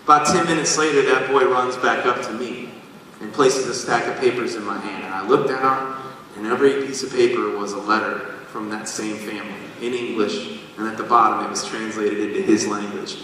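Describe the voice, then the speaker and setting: A man's voice: lowish voice, brisk, a little hiss or hum. Man telling a story in a big echoey hall. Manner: animated, self-deprecating storyteller. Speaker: singer addressing a concert audience. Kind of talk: storytelling testimony on stage. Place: large concert venue. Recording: echoey live hall, taken from far off.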